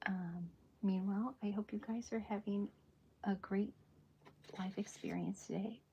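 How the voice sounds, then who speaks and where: A woman chatting in a soft-spoken, whispery way during an ASMR drawing livestream, rambling and correcting herself as she goes. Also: medium pitch, steady tone, measured pace, breathy edge, dull audio. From American South. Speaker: cartoonist streaming live.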